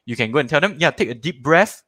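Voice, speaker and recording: Animated Malaysian man teaching parents. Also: on the high side, fast talker, no room sound. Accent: Malaysian English. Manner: animated, acts out little scenes in shifting voices; repeats words and phrases for emphasis. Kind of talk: live online parenting workshop.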